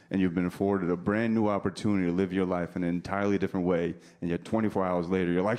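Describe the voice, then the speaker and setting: A man's voice: low-pitched, little pitch movement, fast, darkish tone, a little hiss or hum. A man in his thirties doing a stand-up set, brash and profane, teasing the crowd. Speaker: stand-up comedian. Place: comedy club stage. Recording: live club recording with faint crowd.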